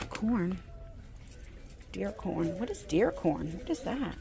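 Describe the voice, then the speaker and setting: A woman's voice: medium pitch, expressive, slow pace, creaky, noisy background. A woman chatting casually to her viewers in a vlog, rambling and jumping between topics while filming herself on a handheld phone. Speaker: YouTuber.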